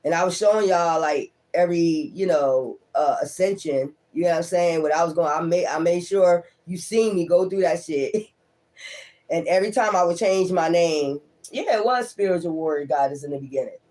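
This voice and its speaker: A man giving a casual tarot reading, talking straight to viewers with lots of swearing and laughter, and acting out their thoughts in quick asides. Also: a little high, darkish tone. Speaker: tarot reader.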